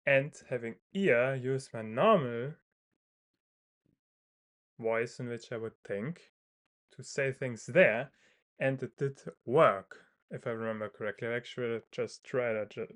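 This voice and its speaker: Man, casual monologue, hesitant, restarts often, mid-pitched voice. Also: measured pace. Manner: hesitant, many fillers and restarts. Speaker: video creator. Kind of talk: thinking aloud, casual monologue.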